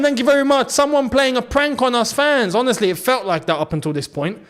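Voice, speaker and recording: A man hosting a live football watchalong, talking through the match and shouting when something big happens. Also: extremely high pitch, brisk, hardly any pauses. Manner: excitable, swings between muttering and shouting at goals.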